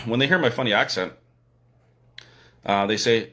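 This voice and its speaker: A Canadian man talks through a casual livestream from a hotel room. He is opinionated and blunt, and he leans hard on his points with a sarcastic edge. His voice sits at an ordinary middle pitch for a man. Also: unhurried, pushed and bright. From Alberta, Canada. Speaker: livestream host.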